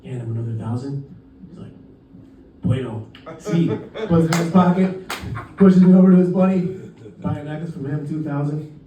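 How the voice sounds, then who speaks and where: Profane comic in an echoey club. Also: male voice, on the high side, a little fast, dull audio, crowd noise. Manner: profane, laid-back storytelling with acted-out quotes. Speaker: stand-up comedian. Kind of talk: stand-up storytelling. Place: comedy club stage. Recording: roomy club sound from a distance.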